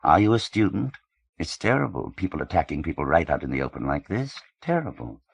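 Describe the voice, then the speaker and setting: A man reading a fussy, genteel older gentleman. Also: low voice, very animated, fairly quick, creaky, breathy edge, no room sound, heavily acted. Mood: concerned. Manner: polite, fussy, faintly British-tinged. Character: genteel gray-haired older gentleman, solicitous.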